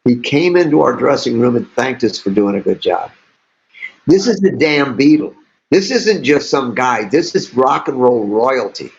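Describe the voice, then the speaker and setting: An older man, a musician guest, telling animated stories in an interview with frequent laughter. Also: mid-range voice, moderate pace, gravelly. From St. Louis, USA. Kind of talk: storytelling interview. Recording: dull lo-fi audio.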